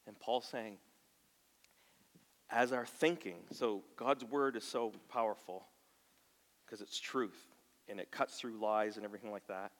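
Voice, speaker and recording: A man preaching a sermon in a church. He moves from soft, near-whispered lines to loud, passionate bursts and acts out quoted voices. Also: fairly low pitch, measured pace, pauses often. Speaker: pastor. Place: church sanctuary. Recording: long hall reverb.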